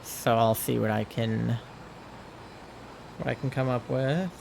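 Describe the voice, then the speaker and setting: Young male streamer, headset mic, gravelly and rambling, relaxed chat filler. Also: mid-range voice, slow pace, background noise. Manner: chatty, rambling, many fillers. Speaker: livestreamer. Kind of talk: casual chat while gaming.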